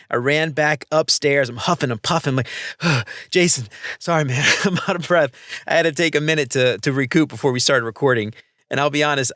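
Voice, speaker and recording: A man's voice: mid-range voice, sharp tone, dry recording, clean studio sound. A man hosting a casual podcast interview, talking enthusiastically and gushing about his guest. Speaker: podcast host.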